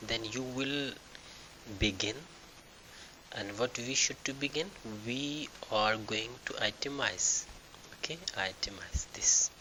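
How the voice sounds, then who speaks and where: A man walking through a screen-recorded software tutorial, thinking aloud with halting restarts and fillers. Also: mid-range voice, a little hiss or hum, poor audio. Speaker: tutorial instructor.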